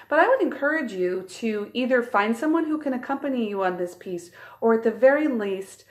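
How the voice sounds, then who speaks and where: A woman at a middle pitch explains flute phrasing in a calm, clear tutorial manner. Her delivery is steady and encouraging, as a teacher guiding students through a piece. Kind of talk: instructional tutorial.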